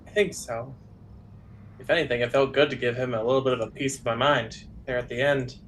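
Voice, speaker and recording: A man's voice: medium pitch, steady tone, brisk, a bit bright, a little hiss or hum, natural voice. A man voicing a freshly fired servant in a tabletop game, talking plainly and shaken. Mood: relieved.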